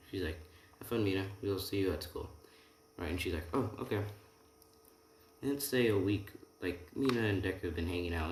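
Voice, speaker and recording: In an echoey room with faint background noise, a young man with a low voice casually invents and retells a fan story. He rambles, restarting often and drifting into asides.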